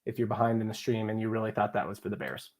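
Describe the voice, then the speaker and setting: A man's voice: fairly low pitch, quick pace, darkish tone. A young man hosting a live draft stream, chatting casually and joking with viewers and co-hosts. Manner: jokey, chatty, talks to chat and co-hosts. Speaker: livestream host. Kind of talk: casual live chat reading viewer comments.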